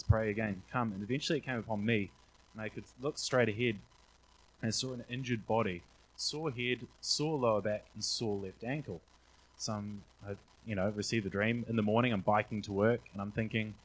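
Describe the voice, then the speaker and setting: A man's voice: on the low side, rough recording. A young man, casually sharing faith testimonies with lots of "um" and acted-out quotes. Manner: rambling, frequent "um", acts out quotes. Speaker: church member sharing testimonies.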